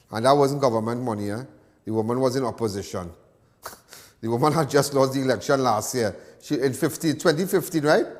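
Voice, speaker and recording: A man's voice: medium pitch, big-room sound. A Trinidadian man hosting a live crime show, talking in an emotional, repetitive monologue that rises into agitated ranting. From Trinidad and Tobago. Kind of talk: livestream monologue.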